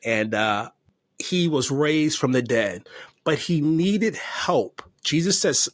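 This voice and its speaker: Speaking slowly in a fairly high, very animated voice, a man recounts his recovery as a guest on a podcast. The talk is a faith-filled personal testimony, earnest and emotional, captured in studio quality with no echo.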